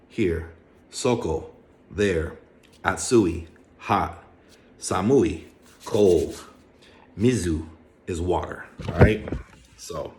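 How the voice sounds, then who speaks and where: A laid-back man from Hawaii runs through everyday Japanese words in a loose, slangy vlog. His voice sits very low, and he repeats each word slowly. Faint noise hums under it. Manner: relaxed, repeats words slowly, casual swearing. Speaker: vlogger teaching Japanese words. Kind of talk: casual slangy explainer.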